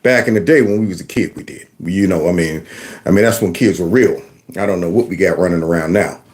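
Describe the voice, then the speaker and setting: A man's voice: low voice, fast. A man, a former teacher, hosting his own channel in a casual, folksy rant that slips into acted-out voices. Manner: animated, folksy, acts out voices. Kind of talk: casual ranting video commentary.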